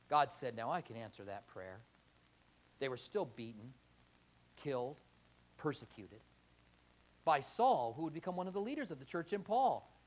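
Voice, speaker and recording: A man preaching a sermon, acting out quoted prayers in lively voices. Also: high-pitched. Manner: animated, acts out quoted prayers. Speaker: pastor.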